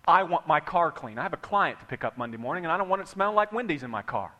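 High bright-voiced male preacher. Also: fast. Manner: animated storytelling, acting out quotes. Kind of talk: sermon.

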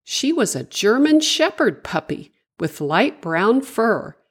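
A woman reading a children's story aloud in an expressive, sing-song way. She speaks slowly, with a breathy, lower voice. Her intonation swings widely across each line.

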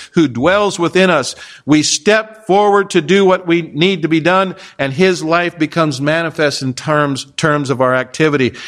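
A man's voice: a little high, a bit bright. A male pastor preaching an expository sermon in a conversational way, often asking his listeners rhetorical questions.

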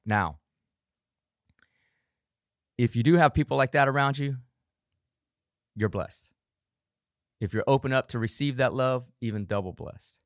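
Middle-aged male podcast host, low voice, earnest and emphatic, dry close recording. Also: dry recording. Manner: earnest, emphatic, acts out harsh self-talk in bursts. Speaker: coach and parent. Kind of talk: solo motivational podcast talk.

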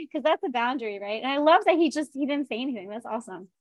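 Woman, podcast co-host, casual chat, chatty, fairly high voice, dry sound. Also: very animated, a little fast, no room sound. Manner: chatty, lots of fillers like "like" and "right".

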